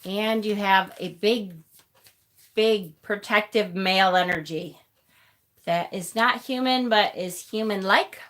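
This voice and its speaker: A woman from upstate New York chats her way through a live card reading. Her voice is bright and forward, and she talks casually and warmly, reading out viewers' comments as she goes. The pitch sits in a middle range. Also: takes it slowly. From Rochester, New York. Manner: chatty and affectionate, reads viewer comments aloud. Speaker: tarot reader and channel host.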